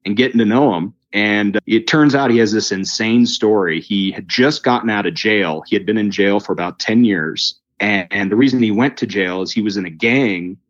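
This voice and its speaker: A lively man tells a story in a relaxed, rambling way, with a fairly low voice that shoots upward at the exciting parts. He restarts his sentences often and leans on "like." The recording sounds dull and lo-fi. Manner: animated, pitch leaps up when recounting excitement; quick with frequent restarts and "like". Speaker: guest telling his story. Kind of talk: casual spoken storytelling.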